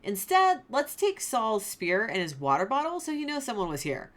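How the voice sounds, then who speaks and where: A woman's voice: on the high side, big pitch swings, normal speed, fairly bright tone. A woman voicing a brash, cocky young man who talks in slangy, mocking bursts, in a retelling of a story. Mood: casual.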